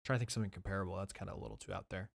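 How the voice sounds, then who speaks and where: A man co-hosting a podcast in a casual chat, relaxed and full of fillers like "like.". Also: low voice, rapid-fire, vocal fry. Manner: relaxed, filler-heavy with lots of "like". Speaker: podcast co-host.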